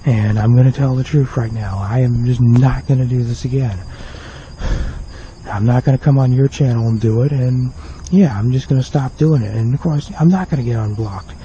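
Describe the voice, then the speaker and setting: A young video creator rambles through an unscripted apology vlog to his viewers, sounding remorseful and repeating himself. His mid-range voice is mellow and moderately paced. The home video is dull and lo-fi, with faint crickets and a little hiss or hum.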